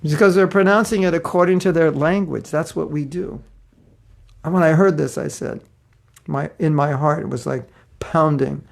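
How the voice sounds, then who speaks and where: With a fairly high, gravelly voice and steady tone, this spiritual teacher moves at a moderate pace through a devotional class. He tells stories and performs the voices of their characters.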